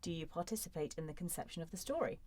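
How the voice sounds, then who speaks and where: Low-voiced woman in her thirties, chatty. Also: expressive, very fast, a little mellow, no echo. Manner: chatty, self-mocking, playful humor. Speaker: actor answering fan questions. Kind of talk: casual chat. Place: recording studio.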